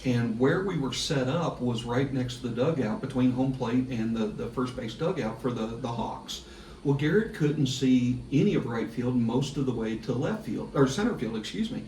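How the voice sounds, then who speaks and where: A middle-aged man, a sports broadcaster guest on a podcast, telling a story in a lively way and laughing through it. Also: mid-range voice, moderate pace. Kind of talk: casual storytelling. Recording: echoey room, distant mic, faint hiss.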